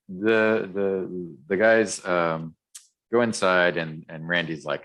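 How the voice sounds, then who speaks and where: A podcast co-host recaps a comic in a loose, rambling manner, often saying um and starting over. His low voice is fairly bright with fairly even intonation, he speaks slowly, and he's recorded on a podcast microphone.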